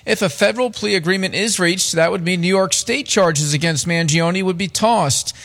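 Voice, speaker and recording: A man's voice: high voice, normal speed, creaky, fairly bright tone. A man filing a radio news report in a formal reporting tone.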